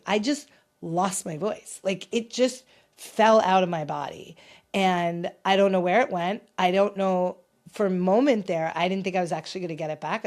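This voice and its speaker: A woman in her fifties hosting a casual solo podcast, chatty and talkative, her voice still slightly hoarse as she recovers from losing it. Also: mid-range voice, a little mellow. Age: 50s. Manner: chatty and talkative, self-described talker. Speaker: podcast host.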